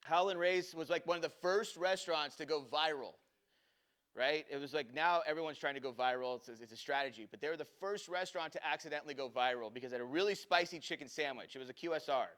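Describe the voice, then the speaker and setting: A man's voice: on the high side, fast talker. A man telling a story to an audience, acting out the voices of the people in it. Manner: animated storyteller acting out dialogue. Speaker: speaker telling a customer service story.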